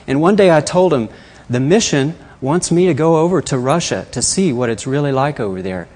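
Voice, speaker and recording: A man's voice: on the high side, expressive, brisk, darkish tone. A middle-aged man telling a personal missions testimony with slides, acting out the voices he quotes.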